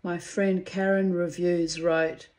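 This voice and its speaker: A woman, reading her old diary entries aloud to her viewers and breaking off into candid, chatty asides, clearing her throat now and then. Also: fairly low pitch, flat delivery, takes it slowly, a little mellow. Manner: candid, muses aloud, swears freely, frequent throat-clearing.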